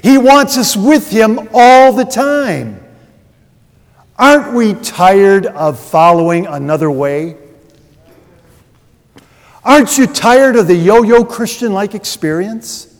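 A man's voice: sits high, animated, slow, long pauses. A man preaching a sermon as pastor, telling a story and acting out its dialogue. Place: church. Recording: long reverb of a large hall.

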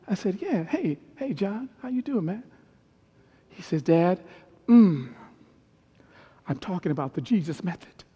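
A middle-aged man preaching a storytelling sermon as a pastor, swinging from hushed tones to loud peaks. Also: high voice, slightly rough. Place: large church hall. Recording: long hall reverb with faint piano. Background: soft piano.

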